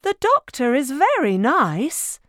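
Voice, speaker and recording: Woman doing a kind storybook mum cat, soft and soothing. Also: fairly high pitch, drawn-out words, clear, resonant tone, no echo, studio quality, voice pushed up. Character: gentle, reassuring mother cat. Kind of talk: storybook read-aloud.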